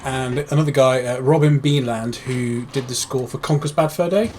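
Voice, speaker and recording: A man talks casually over a game he is playing, cracking jokes and laughing often. His voice sits in the middle range, with game music clearly playing underneath. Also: mid-range voice, normal speed, a little mellow. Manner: joking, laughs often, chatty. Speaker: co-host of a gaming channel. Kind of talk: casual gameplay chat with trivia.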